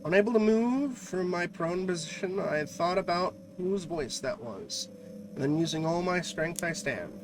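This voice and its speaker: Male streamer, dramatic game reading, slightly high voice, clear music behind. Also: animated, a little slow, rough recording. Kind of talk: reading a visual novel aloud on a livestream.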